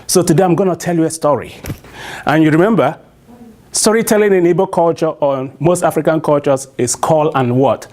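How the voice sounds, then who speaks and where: Nigerian man telling a folk tale live, high voice, keeps asking the crowd "what?". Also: a little fast. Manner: call-and-response questions, animated. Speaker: storyteller. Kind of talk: live oral storytelling to an audience.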